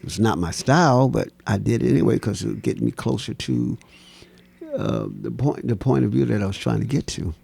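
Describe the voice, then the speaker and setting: A man telling stories as an interview guest, animated and laughing, acting out the voices of people in his stories. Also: medium pitch, fairly quick, vocal fry, husky. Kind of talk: storytelling in a casual interview.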